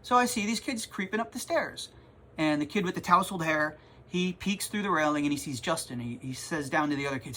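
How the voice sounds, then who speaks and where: A man who runs a comic shop, telling a rambling, animated story in a casual vlog from his store. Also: fairly high pitch, a little fast, slight background noise. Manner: rambling, animated, self-interrupting.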